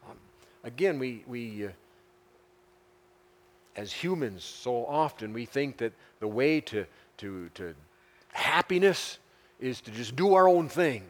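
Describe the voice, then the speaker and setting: A man teaching a Bible passage as a pastor, halting and repeating words, rising to urgent emphasis. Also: medium pitch, animated. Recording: long hall reverb.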